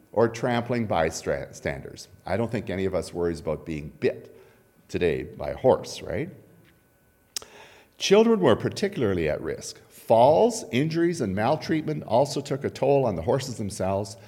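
Man preaching with a very lively voice. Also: on the low side. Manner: conversational, asks "right?" and "okay?" often. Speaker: pastor. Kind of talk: sermon. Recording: long hall reverb.

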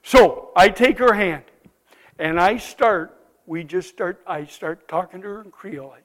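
A man telling a missionary testimony to a congregation, animated and exclaiming often as he cues slides aloud. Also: high voice, measured pace. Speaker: visiting missionary speaker.

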